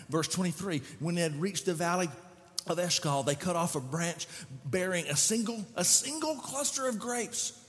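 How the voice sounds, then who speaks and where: A male pastor preaching a sermon, animated and sometimes shouting, sometimes conversational. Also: high-pitched, moderate pace, big-room sound.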